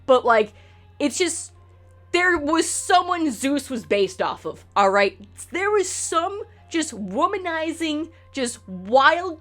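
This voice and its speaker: A woman streams from home, chatting loosely with her viewers and swearing as she wanders from one tangent to the next. Her voice sits a bit high and swings widely in pitch. Faint game music plays underneath. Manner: rambling, animated, swears freely. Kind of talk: casual chat with stream viewers.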